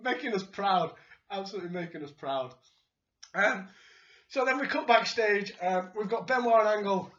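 Bright high Yorkshire man, animated chat. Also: normal speed. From England. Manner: animated, laughs often, acts out quotes. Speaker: podcast co-host. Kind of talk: casual chat reviewing wrestling. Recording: roomy, slightly dull sound.

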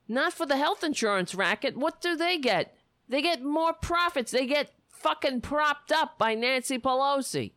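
A woman's voice: on the high side, a bit bright, no echo. A woman delivering an angry, profane political rant full of sarcasm.

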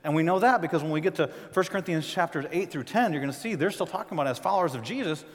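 Animated preacher man in a reverberant hall. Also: very fast. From northern United States. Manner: animated preaching with big swings in pitch and loudness, joking asides. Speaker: pastor. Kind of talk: sermon. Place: church sanctuary with a live congregation.

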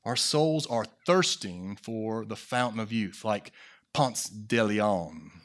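A male pastor preaching a sermon, swinging between hushed low phrases and loud emphatic peaks, asking the congregation questions and joking with them. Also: animated, slow.

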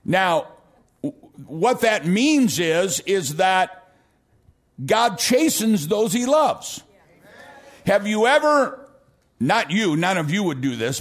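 A middle-aged American pastor preaching in a notably high voice. He tells his stories with animation and breaks into shouts to drive a point home. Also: takes it slowly, pauses often. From United States. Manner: animated storytelling, bursts into shouts for emphasis. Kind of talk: sermon.

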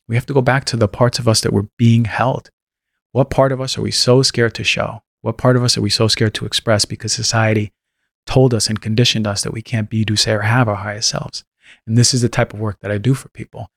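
A man's voice: mid-range voice, gravelly, dry recording, studio quality. A man speaking as a podcast guest in impassioned casual talk, stressing words and acting out quoted voices. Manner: emphatic, acts out quoted voices. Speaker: podcast guest, health practitioner.

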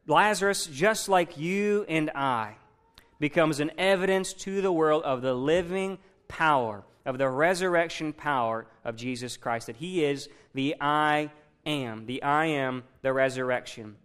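A man's voice: a little high, a little slow, a bit bright, clear, resonant tone. A man preaching a sermon in a conversational way, retelling a Bible story and asking his listeners questions. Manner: conversational, asks the congregation questions.

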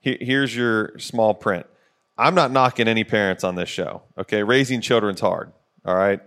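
This Ohio-born podcast co-host in his forties has a fairly low, fairly bright voice and a moderate pace. Recorded in a studio, he's casual and earnest, coaching listeners as if in a pep talk, with many fillers between his points.

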